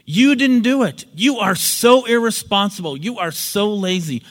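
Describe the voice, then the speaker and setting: A man's voice: a little high, animated, quick pace, fairly bright tone. A man voicing a fed-up male friend who scolds angrily. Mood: angry. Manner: angry, scolding. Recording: long hall reverb.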